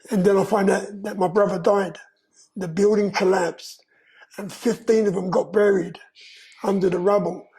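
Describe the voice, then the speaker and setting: An older man, slowly and earnestly telling his life story in an interview, with frequent "you know". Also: sits high, a little mellow, low-quality recording. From London, England. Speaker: guest.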